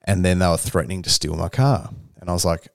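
A young Australian podcast co-host tells a story in casual chat, animatedly acting out the voices of the people in it. His voice is deep and he talks fast, in a dry, studio-quality recording.

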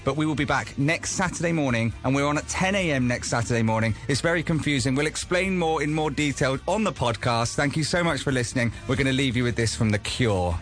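A man with a posh English accent hosts a local radio show at his studio mic, chatty and jokey as he plugs the podcast. His voice sits at a middling pitch, with faint music playing under him. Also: fast talker, hardly any pauses. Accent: posh southern English. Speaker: radio presenter and podcast co-host. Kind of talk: casual radio chat.

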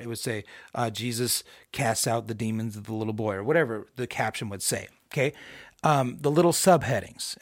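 A middle-aged man giving an informal, conversational Bible teaching with emphatic rhetorical questions and bursts of excitement. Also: medium pitch, no echo, studio quality. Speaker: podcast host teaching scripture.

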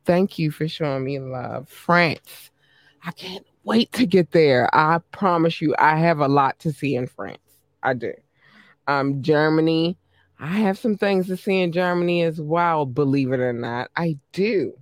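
A man hosting a podcast in a casual, chatty way, giving shout-outs to his listeners and laughing easily. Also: on the high side, moderate pace, no echo. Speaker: podcast host premiering music.

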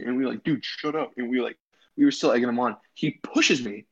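A man's voice: mid-range voice, brisk, dull audio. A teenage boy, a guest on a casual podcast, telling a story in a rambling way with lots of fillers, restarts and laughs. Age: teens. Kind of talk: casual chat.

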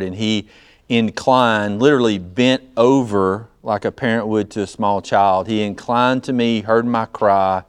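A man preaching a sermon in a smooth, resonant voice. He teaches in a plain way and slows down to stress each line of scripture he reads aloud. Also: fairly low pitch. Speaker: pastor.

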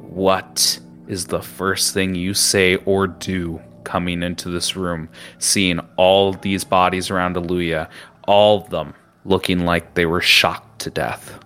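A man's voice: deep voice, level tone, slow, fairly bright tone, faint music behind. A man narrating a tabletop game as game master, describing scenes and prompting players. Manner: descriptive, with restarts.

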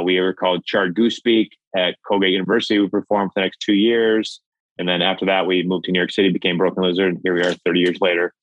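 A man in his fifties from Minnesota, a filmmaker and actor telling a story in a lively, animated way over a video call. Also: deep voice, dry recording, dull audio. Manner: lively, acts out voices, stammers on restarts.

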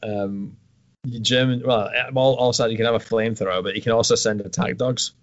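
A man's voice: fairly low pitch, steady tone, brisk. A man chatting casually as a podcast co-host, making dry, swear-filled asides. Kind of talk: casual chat. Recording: dull lo-fi sound.

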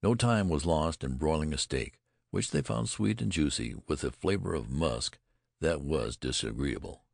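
A man narrating an adventure audiobook in a measured, dramatic storytelling manner. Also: rumbling low, animated, creaky, dry recording, studio quality.

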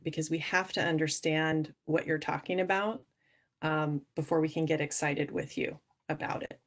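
A woman guest on a podcast, explaining earnestly how investors judge founders, often restarting her sentences. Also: deep voice. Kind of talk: podcast interview answers.

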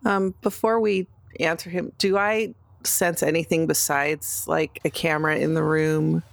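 Gravelly woman player, low voice. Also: steady tone, a little slow, no echo.

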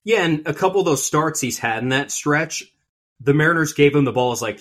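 A man's voice: a little high, a little fast, fairly bright tone. A man co-hosting a sports podcast, talking earnestly and rambling through points with restarts. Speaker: podcast co-host. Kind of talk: casual sports chat.

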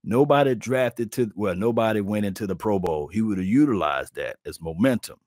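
A man hosting a casual sports talk stream, animated and preachy, calling out to viewers as he riffs. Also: on the low side, fairly quick, no room sound, studio quality. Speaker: podcast host.

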